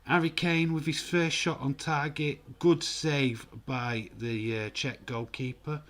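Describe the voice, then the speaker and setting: A man giving casual, excitable live football commentary and reading out viewer comments. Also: a little high, takes it slowly. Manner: chatty, excitable, reads viewer comments aloud. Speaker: host of a live football watch-along.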